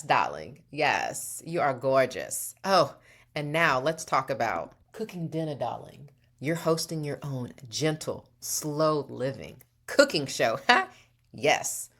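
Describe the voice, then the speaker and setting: Playful animated woman host. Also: low-pitched. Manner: playful and theatrical, calls listener darling, laughs often. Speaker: podcast host. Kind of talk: upbeat motivational talk.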